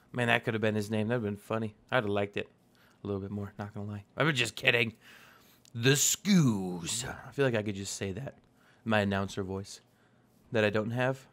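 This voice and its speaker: A man's voice: lowish voice, gravelly, a bit bright. A young man hosting a casual gameplay video, chatting playfully and talking to the animals in the game. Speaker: let's play host.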